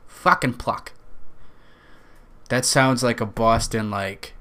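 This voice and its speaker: A man's voice: mid-range voice, slow pace, fairly bright tone. A young man hosting a podcast, rambling through a profane, self-mocking comedic monologue. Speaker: podcast host.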